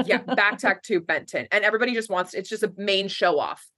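A woman co-hosting a podcast, chatting in an animated way and laughing easily. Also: medium pitch, brisk. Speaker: podcast co-host. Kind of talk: casual recap chat.

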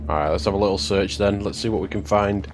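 A man's voice: on the low side, fairly even intonation, fast talker. A man giving casual, jokey commentary as he plays through a game. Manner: jokey, chatty asides over gameplay. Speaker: gaming commentator. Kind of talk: casual let's-play commentary. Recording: game music underneath.

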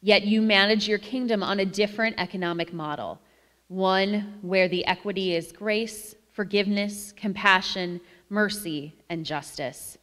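A woman leading a congregation in a measured, solemn spoken prayer in a church. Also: medium pitch, fairly bright tone. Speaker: worship leader. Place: church sanctuary. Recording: long church reverb.

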